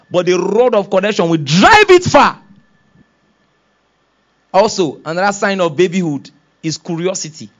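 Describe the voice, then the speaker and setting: A man's voice: high-pitched, highs cut off. A man preaching a sermon, acting out quoted voices and laughing often. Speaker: pastor.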